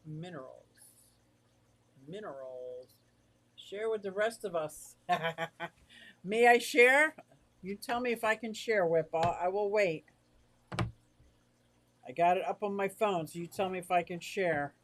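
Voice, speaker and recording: A chatty livestream host who reads viewer comments aloud and answers them, easily excited and warm. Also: medium pitch, measured pace, pauses often, background noise. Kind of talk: casual livestream chat.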